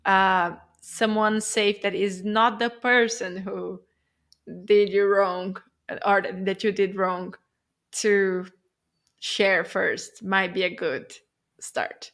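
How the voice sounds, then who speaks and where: A woman co-hosts a reflective podcast chat, speaking slowly and choosing her words with care. She pauses often and fills the gaps with soft fillers, at an ordinary middle pitch. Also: level tone. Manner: slow, hesitant, many fillers and restarts. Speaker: podcast co-host. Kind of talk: casual reflective conversation.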